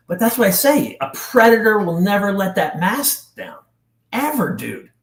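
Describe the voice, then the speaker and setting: A middle-aged New Jersey man, appearing as a podcast guest, tells a painful personal story intensely and haltingly, using casual slang. His voice is high with big pitch swings, and the recording has a roomy echo.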